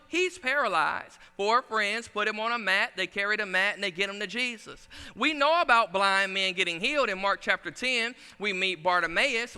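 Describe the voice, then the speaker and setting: A man preaching with animated, conversational flair, swinging between folksy stories and scripture. His voice is bright, crisp and resonant, sitting a little high. The church sanctuary adds a long echo behind him. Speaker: pastor. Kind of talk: sermon.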